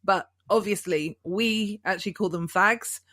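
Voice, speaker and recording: A woman guesting on a podcast, relaxed and giggly, with lots of little fillers. Her voice sits at a middle pitch and sounds dry and close. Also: a little slow, dry recording. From United Kingdom. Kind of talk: casual podcast chat.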